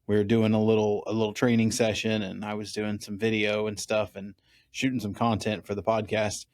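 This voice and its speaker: A man's voice: on the low side, flat delivery, fairly quick, a little mellow, dry recording, studio quality. A man hosting a podcast, chatting casually and laughing easily. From Oklahoma or Texas. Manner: easygoing, laughs often. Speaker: podcast host. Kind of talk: casual interview chat.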